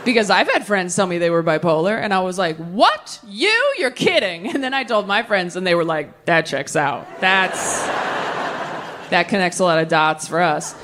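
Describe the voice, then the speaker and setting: A young woman doing stand-up comedy, telling stories in a deadpan way and acting out bits of dialogue on a live stage. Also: on the low side, a little fast, few pauses, noisy background. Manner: deadpan storytelling with acted-out dialogue. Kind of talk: stand-up set. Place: comedy stage before a laughing audience.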